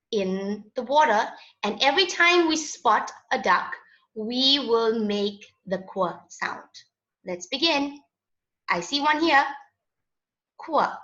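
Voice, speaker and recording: A woman's voice: high voice, bright, forceful tone. A woman teaching a children's phonics lesson in a patient, sing-song voice. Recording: echoey, dull lo-fi room sound.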